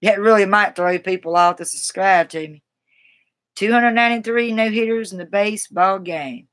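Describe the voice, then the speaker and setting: A woman's voice: medium pitch, normal speed. Chatty Southern woman live-streaming. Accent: Southern American. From American South. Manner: chatty, rambling, laughs easily. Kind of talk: casual live stream chat.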